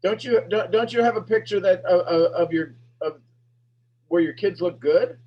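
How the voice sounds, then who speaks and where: A man coaching a sales master class, firing emphatic, repetitive questions at his audience and pushing his voice up toward a shout. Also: high voice, moderate pace, dull audio, a little hiss or hum. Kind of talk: animated teaching talk to an online audience.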